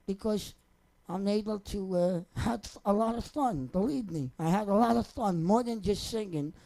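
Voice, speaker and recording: Young guy telling stories off the cuff, warm easygoing voice, joking around and rambling. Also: sits high, vocal fry, poor audio. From New Jersey. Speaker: singer telling personal stories. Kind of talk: casual off-the-cuff storytelling.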